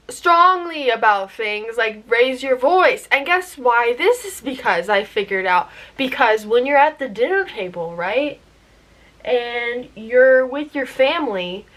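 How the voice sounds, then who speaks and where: A woman's voice: a little high, fairly bright tone. A woman chatting playfully while doing her makeup, going off on tangents and asking rhetorical questions. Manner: rhetorical "guess what" questions. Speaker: beauty vlogger.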